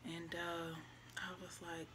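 A woman's voice: fairly low pitch, monotone, slow, very noisy. A young woman, telling a personal story casually and emotionally, with her voice often dropping to near-whispers. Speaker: vlogger.

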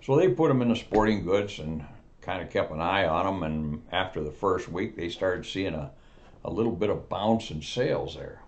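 A man in his seventies telling a long joke in a relaxed, folksy, rambling way. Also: low voice. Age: 70s. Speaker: storyteller. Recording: dull lo-fi recording.

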